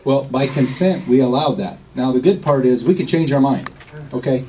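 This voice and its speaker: A man's voice: medium pitch, moderate pace, dark tone, recorded from a distance, slight background noise, low-quality recording. A man giving an informal, rambling talk to a small group, often checking in with "okay?". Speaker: speaker at a meeting.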